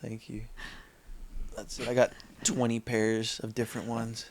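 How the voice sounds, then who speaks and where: A man chatting casually on a podcast, telling stories with lively quoted voices. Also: medium pitch, unhurried. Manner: animated storyteller, quotes friends in put-on voices. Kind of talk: casual chat.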